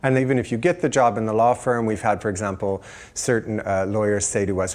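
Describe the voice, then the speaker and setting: A man, an academic researcher, explaining findings in an interview in a measured way. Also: lowish voice, steady tone, a little mellow.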